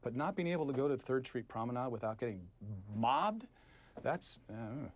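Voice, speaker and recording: A man of middle pitch rambles casually through an interview answer. He talks in an everyday way. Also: animated, fairly quick.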